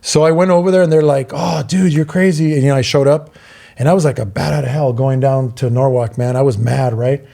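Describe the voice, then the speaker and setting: Lively storytelling man, mellow voice. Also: mid-range voice, fast, creaky. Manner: animated, acts out quoted voices. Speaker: podcast co-host. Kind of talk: casual storytelling.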